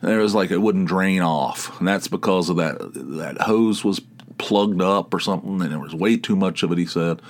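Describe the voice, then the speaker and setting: A man with a very low, deep voice hosts his podcast alone, letting his stories wander in a loose, casual monologue. He gripes about everyday annoyances with wry, crude humor and a self-mocking edge. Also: normal speed. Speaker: podcast host.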